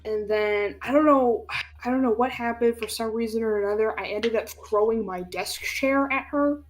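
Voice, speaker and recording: A young woman with a slightly high voice tells stories on her stream in a loose, animated way. She laughs easily, swears freely and acts out what people said. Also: moderate pace. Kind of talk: casual storytelling chat.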